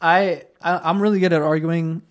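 High-voiced young man, casual podcast chat. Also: steady tone, moderate pace. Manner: laid-back storytelling, slips into quoted voices. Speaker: podcast host.

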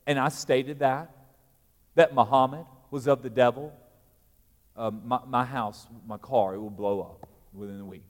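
A male pastor, preaching a sermon that swings from loud, emphatic peaks to quiet, low asides. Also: in a large hall.

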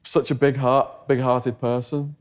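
A man's voice: medium pitch, level tone, measured pace, lo-fi sound. A middle-aged English man telling a long story in a casual interview, acting out the voices of the people he quotes. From England. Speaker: interview guest.

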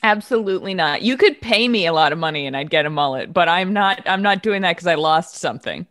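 Chatty low-voiced woman guest. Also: animated, quick pace, fairly bright tone, dry recording, studio quality. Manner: chatty, storytelling. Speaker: guest, sports media host. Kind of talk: casual podcast chat.

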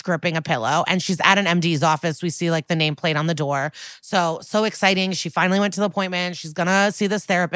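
A woman co-hosting a podcast, tearing through a TV episode recap with animated, profane enthusiasm. Her voice sits a little low yet sounds bright and forceful, and the recording is close and dry. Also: smooth, no room sound. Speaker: podcast co-host.

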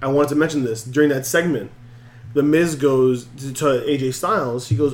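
A man co-hosting a casual chat show, recapping wrestling in an animated way and acting out quotes. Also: mid-range voice, moderate pace, reverberant. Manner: animated, acts out quotes with laughs. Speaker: podcast co-host.

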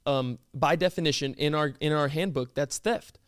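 A man's voice: a little high, moderate pace, clear, resonant tone, no echo, voice pushed down, natural voice. A man putting on a stern, formal store manager woman. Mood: stiff, formal. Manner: flat, hesitant and formal, full of ums. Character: stern, coldly polite female store manager.

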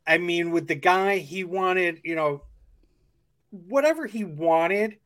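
A man's voice: high-pitched, takes it slowly, a bit bright. A man hosting a sports podcast, chatting casually and asking questions with lots of fillers and restarts. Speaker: podcast host.

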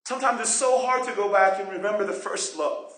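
A man preaching a sermon as pastor, expressive and acting out voices and questions. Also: high-pitched, fairly quick. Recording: roomy echo.

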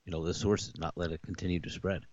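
A man's voice: low voice, steady tone, fast talker, darkish tone, highs cut off. A man co-hosting a casual chat, hesitant and often saying "you know". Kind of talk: casual conversation.

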